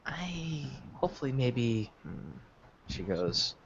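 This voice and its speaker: A man with a fairly low voice runs a tabletop game in a loose, halting way. The sound is dull and lo-fi, with faint background hiss. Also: expressive, a bit bright. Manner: loose, halting, many fillers. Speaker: game master. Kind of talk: casual tabletop role-play narration. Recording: dull lo-fi voice chat with faint noise.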